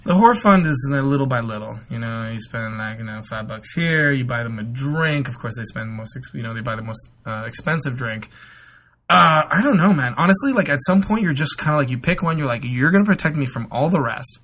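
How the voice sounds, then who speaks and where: A man chats loosely on a comedy podcast, spinning long stories. He slips into quick impressions of the people he talks about. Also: mid-range voice, expressive, a bit bright. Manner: rambling storyteller, acts out quotes. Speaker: podcast guest. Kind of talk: casual comedic podcast chat.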